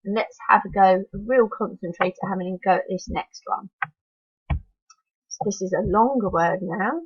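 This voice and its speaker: A woman's voice: mid-range voice, slightly rough, no room sound, highs cut off. Encouraging woman teaching phonics. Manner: slow, encouraging, sounds out letters one by one. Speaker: primary school teacher. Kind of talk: phonics lesson for young children.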